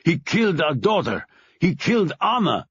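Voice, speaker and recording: A male narrator doing a big furious father, choking out his words slowly in a raised, raspy voice. The pitch lurches up and down with grief and rage. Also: big pitch swings, fairly bright tone, dry recording, muffled recording, exaggerated voice. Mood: enraged. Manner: sputtering, accusing, choking on words. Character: heavy, enraged older German father.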